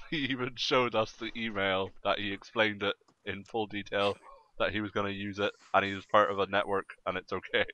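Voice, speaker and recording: A man chatting casually on a podcast as a guest, throwing in quick quips with giggles. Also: fairly low pitch, flat delivery, bright, forceful tone, dull audio.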